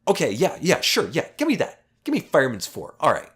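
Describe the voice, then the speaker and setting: Give me a man impersonating an obnoxious bar patron, high-pitched, whiny and demanding. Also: wildly swooping pitch, fairly quick, a bit bright, slightly rough, full character voice. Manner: whiny, pushy, repeats demands. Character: loud obnoxious insecure adult man at a bar.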